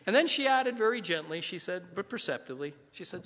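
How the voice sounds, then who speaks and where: A man's voice: high-pitched, expressive, a little fast, a bit bright, a little hiss or hum. A middle-aged man, a pastor, giving an earnest, conversational sermon full of rhetorical questions. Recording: long hall reverb.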